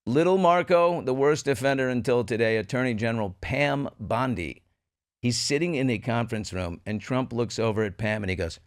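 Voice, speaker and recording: A man's voice: medium pitch, brisk, clear, resonant tone. A man hosting a commentary show, talking in a sardonic way and poking fun at others as he riffs. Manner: sardonic, mocking impressions of others. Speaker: podcast host.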